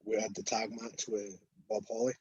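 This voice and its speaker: A man's voice: fairly low pitch, flat delivery, moderate pace, dark tone, husky, no room sound, lo-fi sound. A man in his thirties, a wrestler guest, telling rambling, sweary anecdotes in casual podcast chat. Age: 30s.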